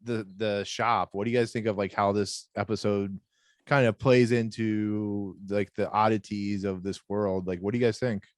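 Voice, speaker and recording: A man's voice: lowish voice, flat delivery, moderate pace, no echo. Rambling man hosting a podcast, dry sound. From American South. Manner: rambling, leading questions. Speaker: podcast host. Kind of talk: casual chat.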